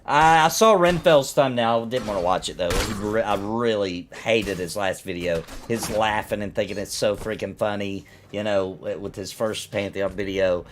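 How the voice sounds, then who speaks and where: A man's voice: on the low side, normal speed, few pauses. A man chatting casually on a live game stream, rambling and ranting as he reacts to his chat.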